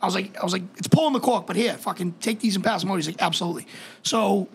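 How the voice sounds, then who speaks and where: A man with a high, raspy, gravelly voice who rattles off casual podcast chat at speed. He stumbles over his words and restarts sentences, swearing freely as he talks. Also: steady tone, fairly bright tone. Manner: rapid, stammering restarts, heavy swearing. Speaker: podcast co-host.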